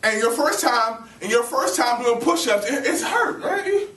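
Young man, campus preacher, lively sermon, high-pitched, distant and echoey. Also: measured pace. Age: young adult. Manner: animated, playful, calls to the audience. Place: campus ministry meeting room. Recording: roomy hall, mic at a distance.

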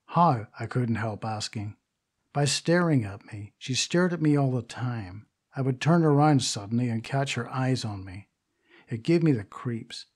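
A man reading the part of a vain, indignant stage actress in an audiobook, telling her tale in a gossipy, confiding way with a husky voice. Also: medium pitch, darkish tone, lightly acted. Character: vain grand stage actress, middle-aged woman.

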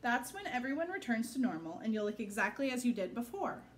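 Woman doing a gentle, no-nonsense old fairy mare, lively pitch. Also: quick pace, slight background noise. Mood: kindly.

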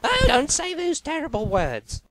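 A woman's voice: sits high, huge pitch swings, unhurried, no echo, heavily acted. A woman voicing a fussy bossy male director. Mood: anxious. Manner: exclaiming, bossy.

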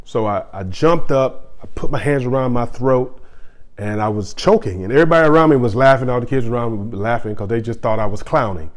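A man's voice: medium pitch, a little fast. Man preaching in a casual, repeating style. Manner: conversational preaching with repeated phrases. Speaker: pastor. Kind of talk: sermon.

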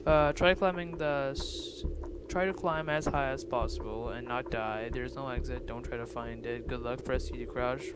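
A young man commentating a game, jittery, swinging from hushed mutters to loud yelps. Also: medium pitch, steady tone, moderate pace, few pauses. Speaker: gaming YouTuber. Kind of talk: let's-play commentary. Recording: loud noise behind voice.

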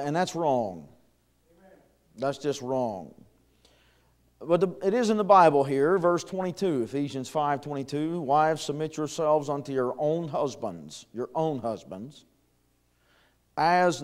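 A man's voice: medium pitch, a little mellow, clean tone. A middle-aged man, preaching a conversational sermon in a church, with chuckles and fillers. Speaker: pastor. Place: church sanctuary.

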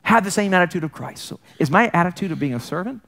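A man's voice: sits high, lively intonation, fast, fairly bright tone. A man preaching as a pastor, talking in a loose, joking way and often breaking off to apologize or correct himself. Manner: conversational, jokey, self-interrupting. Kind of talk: sermon.

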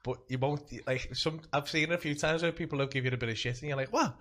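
A man hosting a casual chat, who teases his guest and laughs easily. His voice sits slightly high and has a bright edge. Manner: teasing, quick to laugh. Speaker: comedy podcast host.

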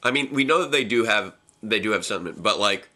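Young male co-host, low and animated voice, bright tone, rambling casual chat with frequent restarts. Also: fast talker. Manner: rambling, restarts sentences, laughs often. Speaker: co-host reviewing episodes.

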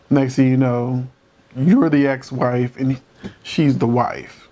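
Male commentator, casual and opinionated, emphatic with rhetorical questions; medium pitch, muffled lo-fi audio. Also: fairly even intonation, slow pace, warm tone. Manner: holds back from cursing. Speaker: commentator reacting to a court show.

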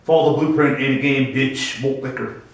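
A man's voice: mid-range voice, steady tone, normal speed, creaky, very echoey, far from the mic, rough recording. A man ranting in a brash, profane, boastful vlog. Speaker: vlogger.

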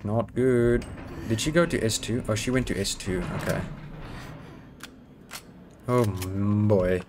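Low-voiced gamer dude yelling and cussing at a horror game, begging for heals, noisy audio. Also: male voice, slow pace. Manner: excitable, swearing, begging and joking at the game. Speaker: gaming YouTuber. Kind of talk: let's play commentary.

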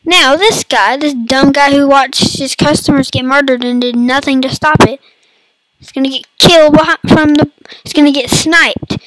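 A woman with a hoarse, fading voice and a cough, chatting playfully to viewers over gameplay. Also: sits high, fairly even intonation, normal speed, fairly bright tone, no echo, poor audio. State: hoarse, losing her voice, coughing. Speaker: gaming YouTuber. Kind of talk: casual let's-play commentary. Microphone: computer mic.

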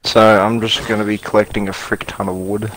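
A man's voice: lowish voice, flat delivery, a little fast, fairly bright tone, rough recording. A young man streaming a game, chatting casually and joking with rambling fillers. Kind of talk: casual gaming chat.

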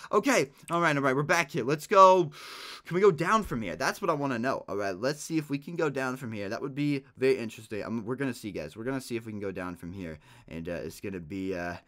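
A young man hosting a casual gaming livestream, excitable and chatty, yelping at mishaps and thanking donors aloud. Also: a little high. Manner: excitable, loud yelps, reads donations aloud. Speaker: livestream host.

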